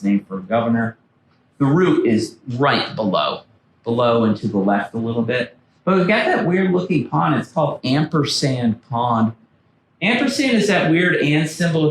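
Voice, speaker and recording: A man with a mid-range voice, an author and former backcountry ranger, delivers a storytelling slide talk in a library meeting room, acting out quoted historical figures. Picked up from a distance, the room sounds echoey, with slight background noise.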